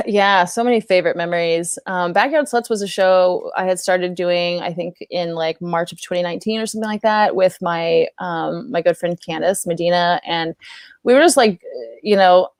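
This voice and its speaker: A young woman comedian chatting casually, telling stories and acting out quoted voices in a high chirpy tone, laughing often. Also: steady tone, moderate pace, smooth, dry recording, studio quality. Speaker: comedian guest. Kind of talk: casual podcast chat with storytelling.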